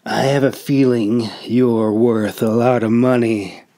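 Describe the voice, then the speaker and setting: A man voicing a swaggering pirate captain who mocks and interrogates his captive in a loud, demanding voice. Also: mid-range voice, steady tone, slow pace. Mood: mocking.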